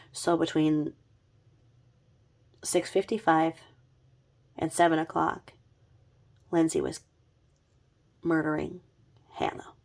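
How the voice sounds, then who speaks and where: Gravelly, low-voiced woman telling true crime. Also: darkish tone. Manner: chatty, sarcastic, with blunt asides. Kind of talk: casual vlog narration.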